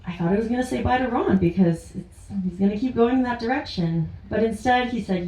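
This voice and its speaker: A woman's voice: on the high side, fairly quick, warm tone. Laughing woman telling a story live. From Ontario, Canada. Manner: chatty, often laughing through her words. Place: indoor stage at a small live venue. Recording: roomy, distant live-venue sound.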